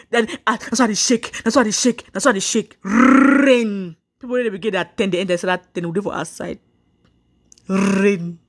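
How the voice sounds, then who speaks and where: A woman, telling viewers her own story earnestly, repeating herself and restarting lines. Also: medium pitch. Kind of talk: personal story told to viewers.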